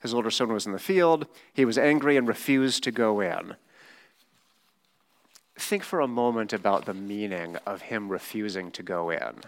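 A man's voice: fairly low pitch, normal speed. A man preaching a sermon in a casual, conversational way. He is emphatic and often checks in with rhetorical questions.

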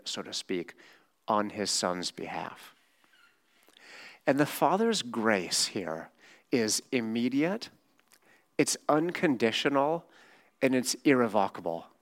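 Male preacher, mid-pitched voice, informal and emphatic, asks rhetorical questions. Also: animated, takes it slowly. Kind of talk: conversational sermon.

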